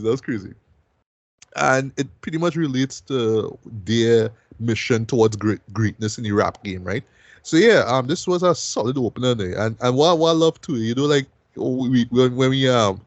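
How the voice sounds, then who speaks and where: A man's voice: medium pitch, moderate pace, no room sound, lo-fi sound. A man hosting a music review show, talking loosely and casually and ending most sentences with "right?".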